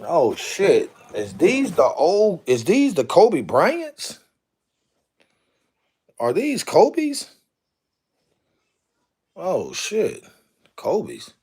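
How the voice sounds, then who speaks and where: Slow, drawling man live streaming. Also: a little high, wildly swooping pitch, a little mellow, breathy edge. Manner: drawling, exclaiming to himself while sorting jerseys. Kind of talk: casual live stream chat.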